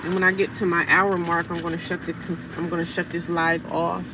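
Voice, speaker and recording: A woman's voice: lowish voice, fairly quick. Chatty woman vlogging outside on a phone. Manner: chatty, talks to herself, animated when retelling. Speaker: live-streaming vlogger. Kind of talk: casual live-stream chat. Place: outdoors in the cold, near cars. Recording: outdoor phone audio with clear street noise.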